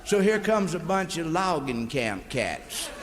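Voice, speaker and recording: A man's voice: fairly high pitch, big pitch swings, measured pace. A man with a Southern US accent doing a rambling live stand-up monologue, folksy and drawling, calling the crowd beloved. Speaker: stand-up comedian. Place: stage before a live audience. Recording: echoey 1960s live LP recording with hiss.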